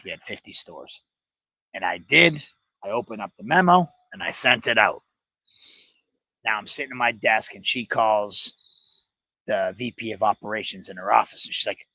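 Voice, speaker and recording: A man in his forties telling a story on a casual panel show, animated and swearing freely. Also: lowish voice, normal speed, dry recording. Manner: animated, swears freely, acts out quoted voices.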